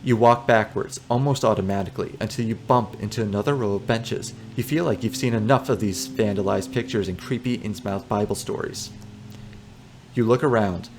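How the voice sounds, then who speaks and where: Over music, a man with a lowish voice and moderate pace plays a text adventure as a let's player. He reads the narration aloud and drops in amused, joking asides between passages.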